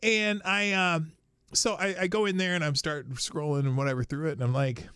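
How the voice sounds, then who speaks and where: A man hosting his own livestream show, talking casually in a rambling way with many restarts and sudden shouted bursts. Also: a little high, steady tone, normal speed, clear, resonant tone, no echo, clean studio sound. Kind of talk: casual solo livestream talk. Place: small home studio.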